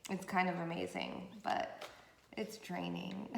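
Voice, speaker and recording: A woman talks her way through a tarot reading in a loose, rambling way, full of fillers. Her voice has a gravelly edge. The room sounds echoey, with a faint hiss underneath. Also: on the low side, big pitch swings, slow. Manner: chatty, rambling, with many fillers. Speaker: tarot reader.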